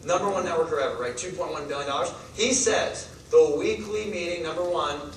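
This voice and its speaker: Fired-up guy pumping up a crowd, kinda high voice, far off mic in a super echoey hall w/ noise. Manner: energetic, rapid-fire, asks the crowd questions. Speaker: network marketing speaker. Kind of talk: motivational talk to a live audience. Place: large meeting hall.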